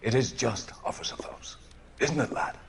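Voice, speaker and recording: An actor with an Irish accent playing a smooth, patronizing official who dispenses praise and advice to a young policeman. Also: mid-range voice, expressive, normal speed, whispered. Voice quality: theatrical, condescending. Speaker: senior official addressing a policeman.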